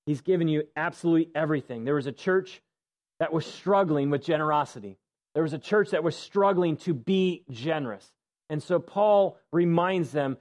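Male pastor with a fairly high voice, preaching conversationally in a church, stressing key words. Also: normal speed, darkish tone. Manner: conversational, emphatic, drops low for stress. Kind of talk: sermon. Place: church sanctuary.

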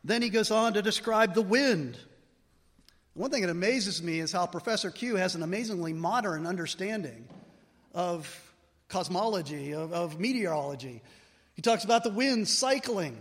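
A man preaching an expository sermon, explaining word meanings and asking rhetorical questions. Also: high-pitched. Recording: long hall reverb.

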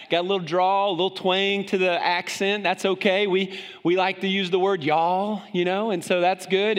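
Pastor, male, high voice, joking folksy preacher, big hall reverb. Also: a bit bright. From moved to Tennessee. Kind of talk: sermon. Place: church sanctuary.

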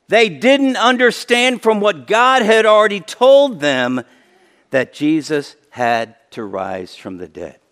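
Preaching man in a reverberant hall. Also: a little high. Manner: conversational preaching with sudden emphatic rises and soft drops. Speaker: pastor. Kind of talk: sermon.

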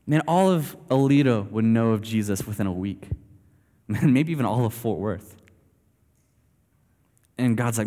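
A man preaching a sermon in a conversational, animated storytelling way, speaking to a church gathering. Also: lowish voice, unhurried, long pauses. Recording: long hall reverb.

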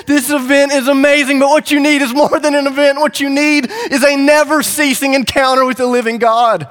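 A man voicing an excited, jubilant male prophet calling out to a festival crowd, with a raised, exclaiming delivery. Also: extremely high pitch, a little fast, long reverb tail, pitched above the performer's own voice. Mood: urgent.

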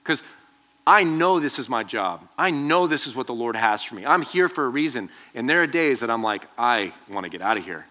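A young man preaching to students as their pastor, telling a personal story with lively, acted-out quotes. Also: medium pitch, normal speed. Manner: animated storytelling, acts out quoted voices. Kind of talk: youth sermon with personal story.

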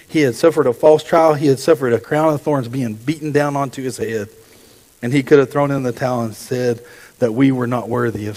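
A man's voice: medium pitch, darkish tone. A man preaching a sermon and reading scripture aloud, earnest, often restarting and correcting himself. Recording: echoey hall with long reverb.

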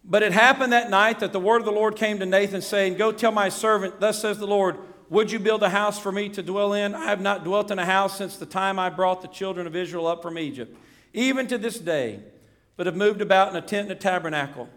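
A male preacher delivers a sermon with a high-pitched voice. He preaches in an animated way, swinging between quiet asides and raised, emphatic lines. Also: a little fast.

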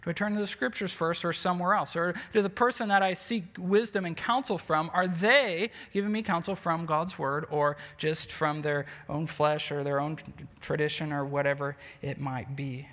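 A man's voice: a little high, fairly even intonation, moderate pace, fairly bright tone, in a large hall. A man preaching a sermon with earnest emphasis, frequent rhetorical questions and filler words. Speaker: pastor.

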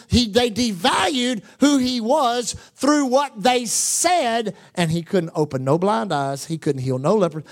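A preacher delivering a sermon, repeating phrases for emphasis and quoting scripture in old-fashioned wording. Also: mid-range voice. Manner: animated, repetitive emphatic preaching with asides; quotes scripture in King James wording.

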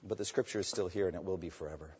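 A man delivering a sermon, rising with force as he reads scripture and dropping low and quiet when he turns to address his friends in the pews. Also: racing, a little hiss or hum. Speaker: pastor. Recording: dull reverberant hall sound.

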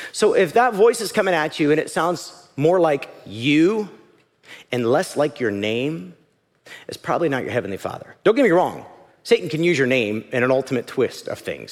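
Lively-voiced male pastor preaching in a hall. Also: medium pitch. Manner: conversational, emphatic preaching with acted-out quotes. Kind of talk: sermon. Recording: reverberant hall.

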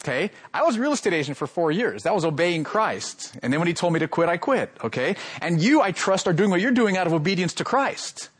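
A man in his role as pastor giving a sermon, calling out questions to his congregation and swinging between loud and soft. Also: high voice, sing-song, brisk, hardly any pauses, husky.

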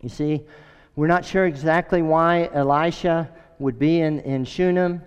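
A middle-aged man preaching a sermon with earnest, emphatic storytelling and a smooth, resonant voice. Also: fairly high pitch, fairly even intonation, unhurried. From United States. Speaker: pastor. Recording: echoey hall, dull sound.

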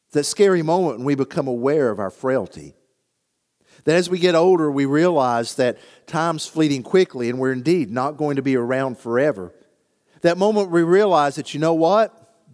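Older pastor, sermon, earnest storyteller, long hall reverb. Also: male voice, on the high side, a little mellow. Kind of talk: scripture reading and sermon.

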